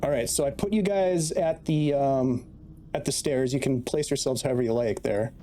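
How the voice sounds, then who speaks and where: A man's voice: mid-range voice, normal speed, mellow. A man narrating as dungeon master, steadily setting scenes and explaining the rules. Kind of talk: narrating a tabletop game.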